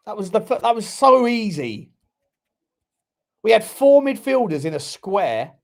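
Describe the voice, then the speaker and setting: A man hosting a live football watchalong from his room at home, commenting on the match, swearing and yelling at the players. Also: high voice, sing-song, unhurried. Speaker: football channel host.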